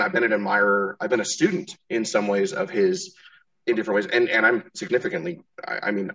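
A man's voice: on the low side, a bit bright, distant mic, muffled recording. Rambling, cursing man off-mic. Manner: rambling, profane, restarts often. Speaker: podcast host. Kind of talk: casual interview chat.

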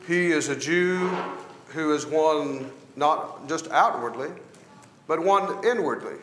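A man's voice: a little high, a bit bright, echoey room. A man teaching a Bible class, reading verses aloud and asking the class questions that he then answers himself. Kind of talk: Bible study lesson, reading scripture aloud.

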